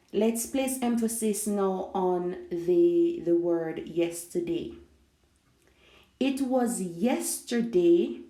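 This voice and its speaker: A woman teaching an English grammar lesson, explaining slowly and glossing words in Spanish. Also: on the low side, mellow. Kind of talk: language lesson. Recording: echoey room.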